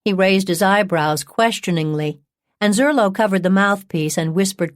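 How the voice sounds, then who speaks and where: A woman reading a true-crime audiobook in a measured, even narration on a close studio mic. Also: mid-range voice, no room sound.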